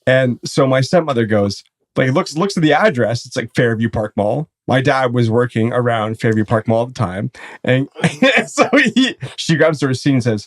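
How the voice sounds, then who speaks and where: A man's voice: medium pitch, expressive, normal speed. A man, host of a casual podcast, telling a rambling, profane story. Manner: rambling, profane storytelling, often breaking into laughter.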